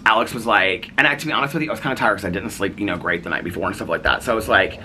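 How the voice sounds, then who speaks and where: A man's voice: fairly low pitch, rapid-fire, bright, forceful tone, slight background noise. A man vlogger telling a long casual story, rambling with many fillers and acting out what others said. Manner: rambling, lots of "like", quotes others in raised voice.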